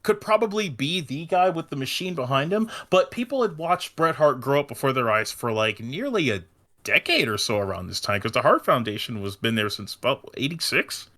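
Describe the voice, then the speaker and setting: Bright, animated man, halting delivery. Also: medium pitch. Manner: halting, many restarts. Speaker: podcast guest. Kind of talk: casual chat.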